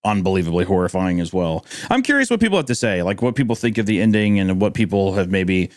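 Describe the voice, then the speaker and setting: A young man co-hosting a podcast, giving his opinions in a relaxed, hedging way. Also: sits low, fast, dry recording, clean studio sound. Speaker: podcast co-host. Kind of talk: casual discussion.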